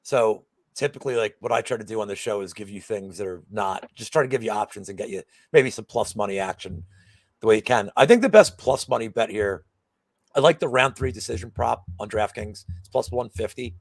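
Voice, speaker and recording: A man's voice: lowish voice, fairly quick, no room sound. A man co-hosting a betting show in casual chat, rambling with lots of fillers and restarts.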